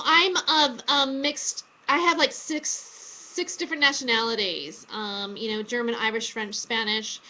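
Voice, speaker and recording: A woman's voice: a little high, pushed and bright, dull audio, slight background noise. A woman co-hosting a casual talk show, rambling with many fillers and restarts. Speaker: podcast host. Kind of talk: casual chat.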